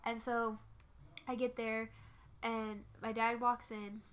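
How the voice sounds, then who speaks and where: Bright, higher woman's voice; podcast co-host, animated storyteller who acts out quotes and giggles. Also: slow pace, clean tone. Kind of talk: casual storytelling chat.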